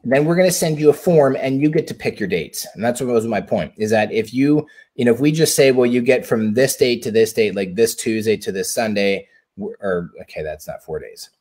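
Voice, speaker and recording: A man's voice: medium pitch, a little fast, a little mellow. A man hosting a casual live stream on a close mic. He talks chattily, keeps checking in with the viewers and sounds upbeat. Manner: upbeat, asks viewers for a hallelujah. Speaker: livestream host. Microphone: close personal mic.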